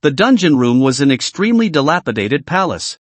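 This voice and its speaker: A man giving a steady, scripted narration of a comic recap. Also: on the high side, a little fast, no room sound. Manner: steady, even read with no fillers.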